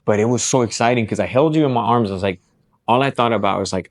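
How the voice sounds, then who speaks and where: A man's voice: medium pitch, fast, dry recording, studio quality. A young man and pastor with a Texan accent, telling a family story in casual conversation and acting out other people's lines. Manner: animated storyteller who acts out quotes. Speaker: pastor and podcast host.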